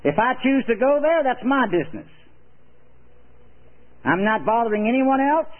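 Preacher quoting a gruff, defiant old man, high voice, narrow radio sound. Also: big pitch swings, normal speed.

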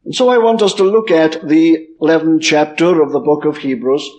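A man delivers a sermon in a fairly high voice. He reads scripture in old-fashioned wording and leans on key words, slowing down and letting his pitch fall at the ends of phrases. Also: a little mellow, poor audio. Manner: measured, emphatic, slows and drops pitch on key words. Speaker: preacher.

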